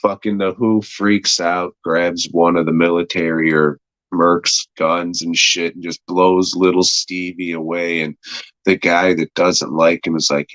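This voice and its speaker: A man's voice: low-pitched, flat delivery, a little slow, a bit bright, no room sound, poor audio. A man hosting a podcast, recapping an episode's plot in a rambling, crude way, swearing a lot and filling gaps with uh. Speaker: podcast host reviewing an episode.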